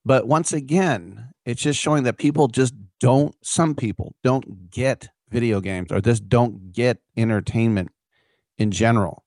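A man's voice: mid-range voice, a little slow, a little mellow, no echo, studio quality. A man hosting a talk show, giving his casual opinions in a wry, conversational way with fillers. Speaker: radio host.

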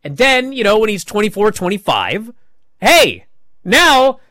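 A man hosting a wrestling talk show, recapping matches in casual chat with animated, mocking outbursts. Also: high voice, measured pace, dry recording, studio quality. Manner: animated, mocking, jumps to shouting. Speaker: wrestling podcast host.

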